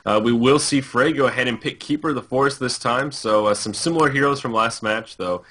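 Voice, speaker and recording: A man casting an online esports match, giving fluent, energetic play-by-play commentary over a voice call. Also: medium pitch, fairly quick. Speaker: esports caster.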